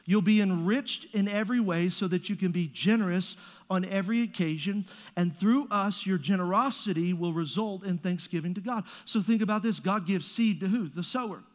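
A man's voice: high-pitched, moderate pace. A man preaching a sermon as pastor, conversational and joking, with playful asides to the congregation. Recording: long reverb of a large hall.

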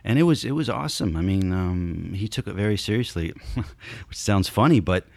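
A man in his fifties, a podcast guest telling stories in an animated way, acting out scenes with sound effects and voices. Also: low voice, moderate pace, vocal fry, no echo. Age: 50s. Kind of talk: casual storytelling.

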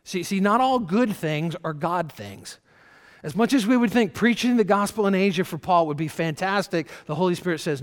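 A middle-aged man preaching a sermon as pastor, often stumbling over and repeating words, and dropping to a soft whisper when he voices God. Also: high voice, animated, normal speed, in a large hall. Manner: shifts to soft whispers for God's voice.

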